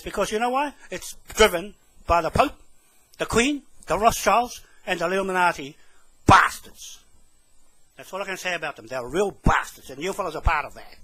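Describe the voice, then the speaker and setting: A furious New man rants straight at the camera, swearing and repeating himself for emphasis. His voice sits high and sounds tense and forceful. It has a husky, raspy edge. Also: poor audio. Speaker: complainant addressing police on camera. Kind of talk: angry rant to camera.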